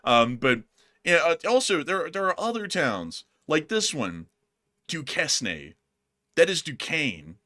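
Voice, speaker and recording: Young guy rambling and cracking jokes, bright voice, pitch bouncing all over. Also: very animated, moderate pace. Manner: rambling, jokey, laughs often. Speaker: show host. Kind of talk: casual chat.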